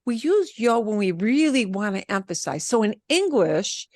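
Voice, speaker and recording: A woman teaching a Spanish class, explaining grammar with lively emphasis and repeating example phrases. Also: medium pitch, moderate pace, no echo, clean studio sound. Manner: animated, emphatic, switches between English and Spanish examples. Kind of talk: online class instruction.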